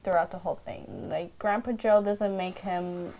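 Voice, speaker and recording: A woman co-hosting a podcast in casual chat, playful and quick to act out characters, with lots of "like". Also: lowish voice, gravelly, dark tone. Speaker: podcast co-host.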